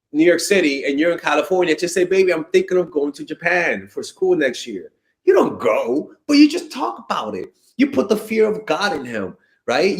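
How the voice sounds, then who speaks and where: Lively, higher-voiced man, emphatic and exasperated, casual dating coach who swears freely. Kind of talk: casual advice monologue answering viewer questions.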